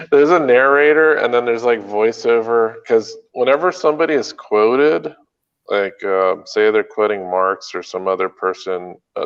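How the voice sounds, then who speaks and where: A podcast co-host with a fairly low, clean voice chats casually in a muffled recording. He rambles and hesitates, leaning on lots of fillers.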